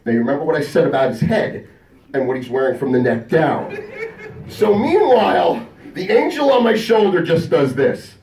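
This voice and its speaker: A man's voice: a little high, normal speed. A man telling crude stories on a convention stage, acting out the people in them. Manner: animated, crude, acts out the people in his stories. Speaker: comedian telling a story on stage. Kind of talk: stand-up storytelling. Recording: echoey room, mic from a distance.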